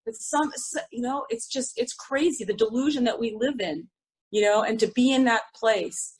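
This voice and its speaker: A middle-aged woman shares her recovery story in a raw, candid way. Her voice sits a little high, with a husky edge. She swears freely and often breaks off and restarts her sentences. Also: moderate pace, low-quality recording. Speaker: speaker sharing at a recovery study group.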